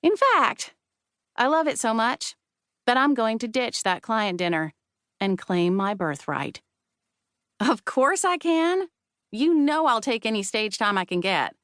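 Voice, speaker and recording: A woman giving a wry, lively first-person audiobook narration with comic timing, recorded close in a studio. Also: fairly high pitch, measured pace, clear, resonant tone, dry recording.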